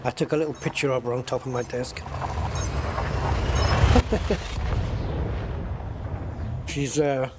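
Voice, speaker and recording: A man's voice: medium pitch, steady tone, slow, pauses often, heavy background noise. A man chatting casually and joking with viewers while live-streaming a space game.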